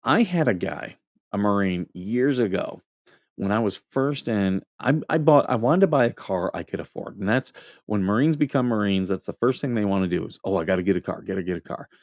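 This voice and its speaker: A middle-aged Marine veteran hosts a casual livestream, reading comments aloud and spinning joking stories, laughing at his own anecdotes. His lowish voice is animated and moves at a normal speed, recorded with no echo and the highs cut off.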